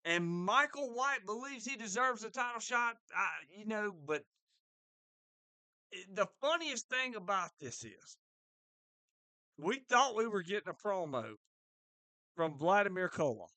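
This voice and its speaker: A man hosting a wrestling preview show, excitable and quick to interrupt with questions. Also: high-pitched, clean tone, dry recording, low-quality recording. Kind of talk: casual podcast chat.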